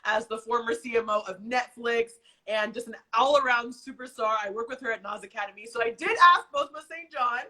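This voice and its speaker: Woman livestream host, effusive and teary, high bright voice. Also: a little fast. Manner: effusive, tearful, slangy. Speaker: host of a live show. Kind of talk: emotional livestream talk.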